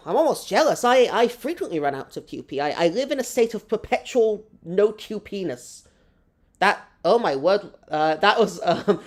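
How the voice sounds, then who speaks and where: Lively woman streaming a game. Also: medium pitch. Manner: chatty, rambling and self-mocking, with quick laughs. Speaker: gaming streamer. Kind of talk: live gameplay stream, reading chat.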